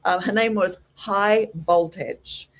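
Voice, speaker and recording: A middle-aged woman leads a hairdressing class, her voice mid-pitched. She talks in an animated way and jumps into her clients' voices with bright exclamations. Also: slow. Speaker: hairdressing educator. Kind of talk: teaching a class.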